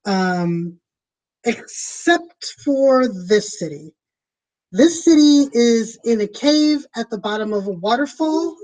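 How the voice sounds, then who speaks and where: A woman's voice: a little high, expressive, slow, mellow, poor audio. A woman streaming from her home, chatting casually and rambling with lots of fillers as she plans a tabletop game. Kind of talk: casual chat to viewers.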